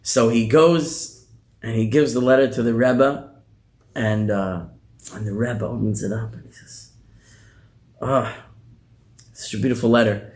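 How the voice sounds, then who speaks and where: A man, a rabbi teaching a class, telling a story in a conversational, animated way with many restarts. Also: medium pitch, measured pace. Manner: animated, conversational, repeats words. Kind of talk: storytelling in a lecture.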